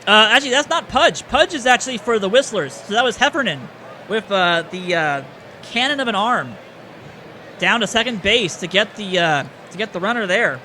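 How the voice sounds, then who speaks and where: A man giving play-by-play commentary over a baseball video game, excitable on big plays and often correcting himself. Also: high voice, moderate pace, a little hiss or hum.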